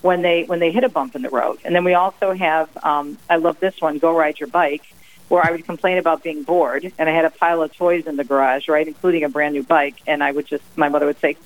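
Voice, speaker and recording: A middle-aged woman from New Jersey, a guest author on a radio interview, telling family stories in a lively, emphatic way. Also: sits low, fairly quick, narrow, tinny audio. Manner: lively, emphatic, acts out her mother's sayings. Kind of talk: radio interview, personal storytelling.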